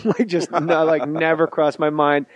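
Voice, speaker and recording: Middle-aged guy hosting a comedy podcast, swears a lot, rambles through stories, bit high-pitched, dry sound. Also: level tone, no echo. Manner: profane, rambling storyteller with quick asides. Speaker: podcast host. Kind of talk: casual comedy podcast chat.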